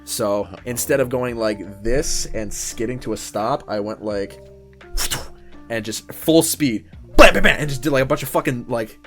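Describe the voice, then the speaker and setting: A young podcast co-host tells a story in casual chat, animated and cursing freely as he acts out what people said. His mid-range voice moves at normal speed, with soft music in the background.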